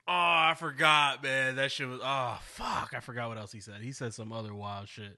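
A man co-hosting a casual podcast chat, animated and quick to laugh. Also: medium pitch. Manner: animated, laughing, swearing freely. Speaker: podcast co-host.

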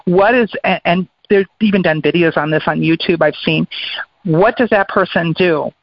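A woman's voice: lowish voice, moderate pace, no room sound. A woman guest on a radio talk show, explaining her ideas in an earnest, casual way. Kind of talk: casual chat. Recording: dry, muffled radio audio.

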